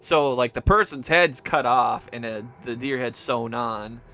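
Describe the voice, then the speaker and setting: Male game master, unhurried, bright forceful tone, rambly and full of fillers. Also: medium pitch. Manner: mutters to himself while searching notes. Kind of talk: casual tabletop game narration.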